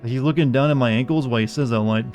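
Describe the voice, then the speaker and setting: A man's voice: mid-range voice, fast talker, darkish tone, faint music behind. Offhand, rambling male streamer. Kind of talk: casual live-stream commentary.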